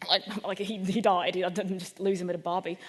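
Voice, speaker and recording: A woman putting on an Australian accent to voice a blunt, matey male builder in a comedy routine, with gruff, plain-spoken humor. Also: on the low side, flat delivery, brisk, pitched below the performer's own voice. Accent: put-on Australian. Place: event venue in London. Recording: echoey hall at a live event.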